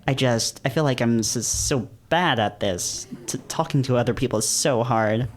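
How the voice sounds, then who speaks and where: A man's voice: mid-range voice, lightly acted. A man doing a shaky, stammering young rich guy. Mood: anxious. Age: young adult. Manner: stammering, halting, on the verge of tears.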